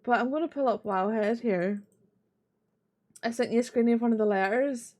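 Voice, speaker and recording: A woman's voice: on the high side, normal speed, pauses often, dark tone. A woman with a Northern Irish accent chatting casually while streaming a game, swearing freely and laughing often. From Northern Ireland. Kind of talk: casual live-stream chat while gaming.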